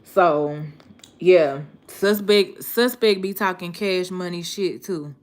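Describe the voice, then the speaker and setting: A woman talks casually to her viewers. She takes her time and tells her stories in a relaxed, slangy way. Her voice sits a little low. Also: slow. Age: 30s. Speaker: vlogger.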